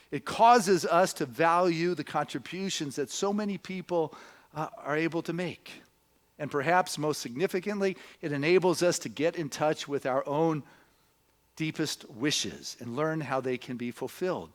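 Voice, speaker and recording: A male minister giving a sermon, earnest and conversational, moving into storytelling and often adding "you know". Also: fairly high pitch.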